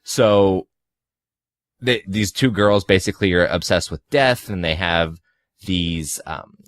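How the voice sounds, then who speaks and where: A man's voice: sits low, slow, no echo, studio quality. A man in his twenties co-hosting a casual movie podcast, rambling with lots of fillers and the odd sarcastic aside. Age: 20s. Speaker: podcast co-host.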